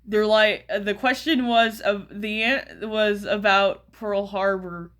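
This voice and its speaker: American woman, casual video commentary, unhurried and rambling, lots of ums and self-corrections, mid-pitched. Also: fairly even intonation, fairly bright tone. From United States. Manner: rambling, many fillers and restarts, chuckles often. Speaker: YouTuber.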